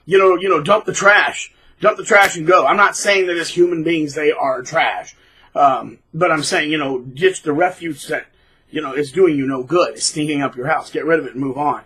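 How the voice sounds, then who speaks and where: A man hosting his own channel, talking bluntly and casually, mocking people by acting out quotes in shrill put-on voices. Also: normal speed, bright, forceful tone, husky, rough recording. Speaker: channel host. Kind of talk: casual monologue.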